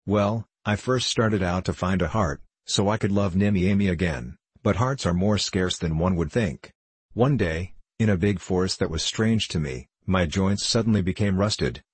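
A man with a deep, husky voice reads a storybook audiobook as a formal, earnest tin emperor. His delivery is measured and dutiful, close and dry, with no room sound.

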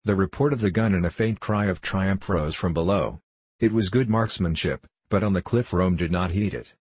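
A man narrating a novel aloud in a measured, unhurried storytelling manner. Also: low-pitched, a little mellow, breathy edge, no echo. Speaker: audiobook narrator.

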